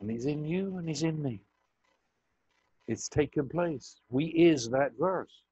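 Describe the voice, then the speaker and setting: Older male preacher, gravelly husky voice, slow emphatic sermon, muffled dull recording. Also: warm tone. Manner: slow, emphatic preaching with dramatic pitch swings. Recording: muffled audio with buzz.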